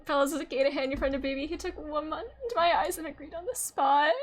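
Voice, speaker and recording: A woman's voice: high-pitched, fast. A woman streamer giving casual, emotional commentary on a story game, swearing casually.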